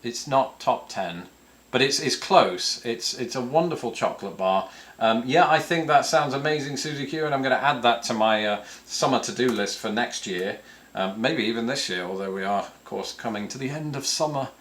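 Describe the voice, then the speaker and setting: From his home, with a cat close by, a northern English man hosts a casual YouTube Q&A, answering viewer questions in a rambling, self-deprecating style full of fillers and restarts. His voice is mid-range and fairly bright, at a moderate pace.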